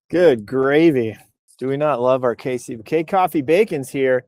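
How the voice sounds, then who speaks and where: A man's voice: mid-range voice, moderate pace, a little mellow, no echo, clean studio sound. A man hosting a news show as a casual livestream chat, rambling and joking playfully. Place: outdoors on a bluff while on vacation.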